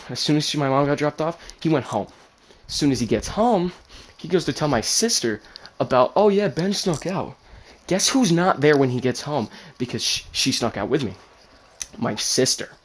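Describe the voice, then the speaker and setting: A man casually telling a personal story, animated, swearing freely and acting out the people in it. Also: mid-range voice, brisk, a little hiss or hum. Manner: animated, swears, acts out quotes.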